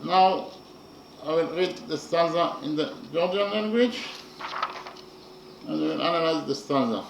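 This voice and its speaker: A man teaching poetry in a slow lecture, halting often with fillers as he explains. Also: fairly high pitch, vocal fry, a little hiss or hum. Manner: hesitant, many pauses and fillers. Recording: echoey room.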